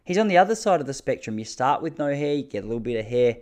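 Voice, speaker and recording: An Australian man in his thirties, hosting a podcast and telling rambling, self-mocking comic stories with quick asides. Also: medium pitch, animated, a little mellow. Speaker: podcast host. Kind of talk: comic storytelling monologue.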